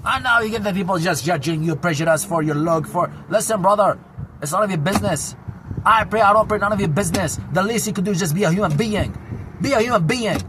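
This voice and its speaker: A Syrian vlogger in his forties, with a Syrian Arabic accent and a high-pitched voice, rants fast and angrily to camera on the street. Loud, projecting, and indignant, he repeats his points over noisy outdoor traffic.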